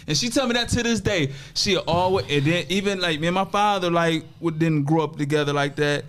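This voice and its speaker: This man's voice sits on the high side and moves fairly quickly with few pauses. A podcast guest from Toledo, Ohio, he tells a story in casual, profane street slang, animatedly acting out what others said in quotes.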